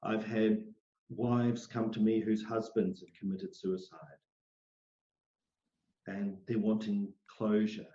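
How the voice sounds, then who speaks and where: A middle-aged man, an interview guest, telling personal stories in an animated way and acting out the voices he quotes. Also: lowish voice, slow, pauses often. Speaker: interview guest, psychic medium. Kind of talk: storytelling in a conversational interview. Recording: roomy, dull lo-fi sound.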